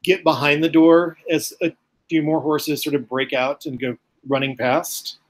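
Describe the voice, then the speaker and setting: A man's voice: on the high side, level tone, unhurried. A man running a tabletop game as game master, rambling with many ums and uhs.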